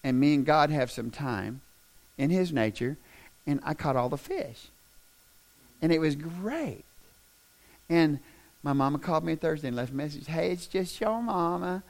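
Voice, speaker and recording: Male pastor, fairly high gravelly voice, humorous storytelling sermon with loud emphatic peaks. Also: moderate pace, long pauses.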